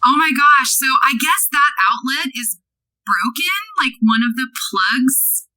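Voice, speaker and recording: A woman from Oregon, a podcast guest, telling a story in a chatty, animated way with quick asides. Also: high-pitched, no room sound, low-quality recording. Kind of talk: casual storytelling.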